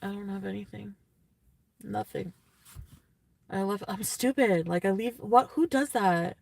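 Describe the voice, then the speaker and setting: A woman's voice: mid-range voice, unhurried, gravelly, no room sound. A young woman vlogging, tearful and rambling as she vents, full of fillers and sighs. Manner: rambling, filler-heavy, sighing and venting. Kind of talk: rambling casual vlog talk.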